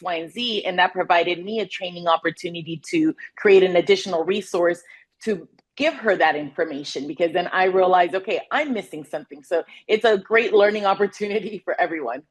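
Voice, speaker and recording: A woman guest on a business podcast who talks candidly and in a measured way about running her company. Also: lowish voice. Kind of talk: podcast interview.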